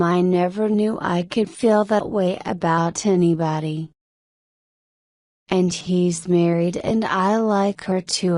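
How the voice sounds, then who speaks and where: A woman reading the lines of a lovesick young film actress in a slow, plain voice. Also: fairly low pitch, a little mellow, no room sound, studio quality.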